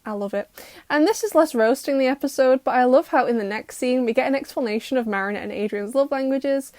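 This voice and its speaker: Young woman, higher voice, dry close sound; sarcastic recap host roasting an episode. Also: quick pace, darkish tone, no room sound. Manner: sarcastic, exasperated roasting with mock quotes. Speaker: YouTuber reacting to a cartoon.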